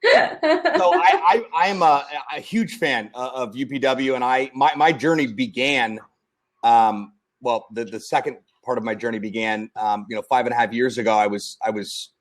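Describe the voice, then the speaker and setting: A man at a middle pitch hosts a casual talk show. He is relaxed and chatty, and he restarts his sentences as he goes. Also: moderate pace. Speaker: host. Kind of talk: casual chat.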